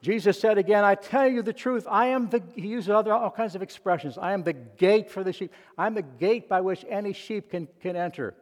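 A man preaching a sermon in a church, quoting verses with emphatic rises and repeating himself as he goes. His voice sits high for a man. It carries a long reverb from the hall. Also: fairly quick, few pauses. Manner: emphatic, repeats and restarts words, quotes scripture dramatically. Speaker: pastor.

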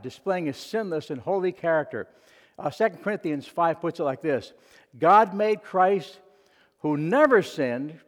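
A man preaching a sermon in a church, quoting verses with emphatic rises and repeating himself as he goes. His voice sits high for a man. It carries a long reverb from the hall. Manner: emphatic, repeats and restarts words, quotes scripture dramatically. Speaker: pastor.

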